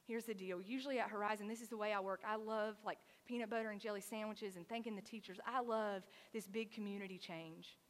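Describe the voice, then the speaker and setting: A woman's voice: medium pitch, fast talker, hardly any pauses. Woman preacher with a long hall echo. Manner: animated storytelling with frequent "like". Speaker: pastor. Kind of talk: sermon.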